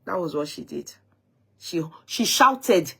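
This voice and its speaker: A woman's voice: lowish voice, expressive, slow pace, creaky, pushed and bright, breathy edge. A woman hosting a live-stream talk show, speaking in an emphatic, indignant way and often repeating herself as she recounts a dispute. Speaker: host of an online talk show.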